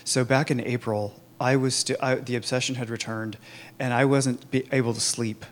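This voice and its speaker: A man telling his own recovery story in a candid, halting way, with many fillers and restarts. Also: medium pitch, steady tone, slight background noise. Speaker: recovery program member sharing his story. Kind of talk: personal testimony, conversational.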